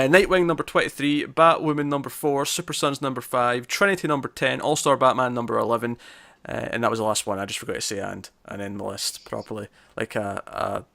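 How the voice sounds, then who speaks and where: A man's voice: fairly high pitch, vocal fry, bright, forceful tone. A young man hosting a casual comics podcast, chatty and self-mocking, often stumbling over his words. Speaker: podcast host. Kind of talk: casual chat.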